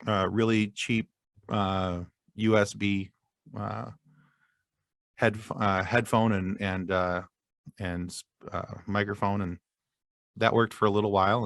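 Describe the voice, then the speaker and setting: Man, podcast guest, lowish voice, rambling, self-deprecating, dry close mic. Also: fairly bright tone, no echo. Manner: rambling, many fillers and restarts, self-deprecating. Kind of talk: casual interview chat.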